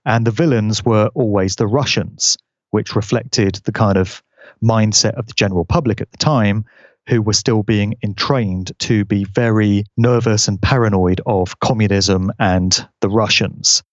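Low-voiced man, steady explainer, close and dry, slightly muffled lo-fi audio. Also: no room sound. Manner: measured, explanatory. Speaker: guest commentator. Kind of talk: conversational commentary. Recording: dull lo-fi audio.

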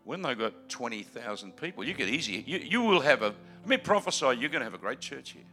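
An older man with an Australian accent and a gravelly voice, preaching as a guest with jokes and rambling asides, swinging between loud calls and quiet remarks. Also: medium pitch, big pitch swings, quick pace, soft background music. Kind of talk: sermon.

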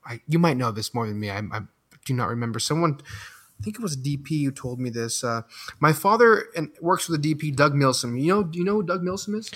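A man's voice: a little high, expressive, quick pace, fairly bright tone. A man hosting a casual interview, enthusiastic and stumbling over his words as he asks questions.

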